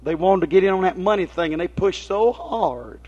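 A man's voice: sits high, animated, moderate pace, mellow, husky. A man preaching a folksy sermon, telling homespun stories and asking his listeners rhetorical questions. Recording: dull lo-fi recording.

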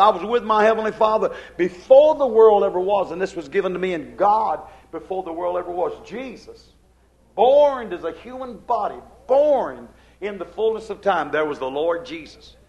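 A man's voice: high-pitched, expressive, moderate pace. An older man preaching a sermon, emphatic, with a rising and falling preaching cadence.

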